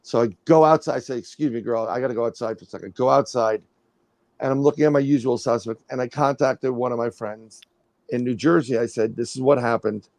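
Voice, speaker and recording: Fairly quick and mid-range, this middle-aged man's voice comes through with no echo. A paranormal researcher appearing as a livestream guest, he tells a casual, animated, rambling story, restarting often and voicing others' lines.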